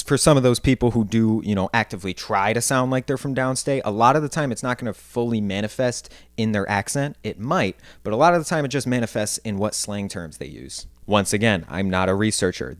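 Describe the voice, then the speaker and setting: A man's voice: lowish voice, dry recording. Laid-back man with an upstate New York accent. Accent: Upstate New York (Northern Cities vowel shift). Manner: laid-back, slangy, self-mocking. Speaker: vlogger. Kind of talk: casual explainer vlog.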